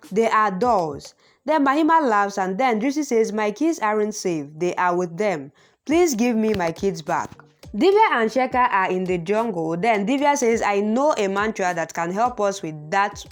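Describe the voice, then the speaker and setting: A woman narrating a TV series plot recap, reading out the characters' lines in a lively, sing-song way. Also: medium pitch.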